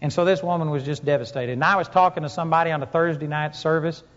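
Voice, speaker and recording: A man's voice: on the high side, fairly even intonation, fast, a bit bright. A man preaching a sermon to a congregation, telling stories with emphatic rises and punchy lines. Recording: long hall reverb, dull lo-fi sound.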